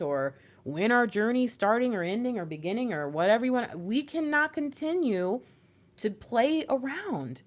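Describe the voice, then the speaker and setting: Woman, live-stream reader host: blunt, slangy, bright higher voice with a swooping lively delivery. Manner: blunt, animated, slangy, with laughs. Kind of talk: live-streamed pep talk to viewers.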